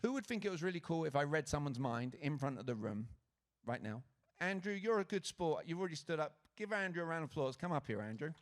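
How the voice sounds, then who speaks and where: A man's voice: a little high, quick pace. British-born man working a conference crowd. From Britain. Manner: lively, engaging the crowd with questions. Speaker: conference speaker. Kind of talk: motivational stage talk to an audience. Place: conference stage before a live audience. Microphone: handheld stage mic.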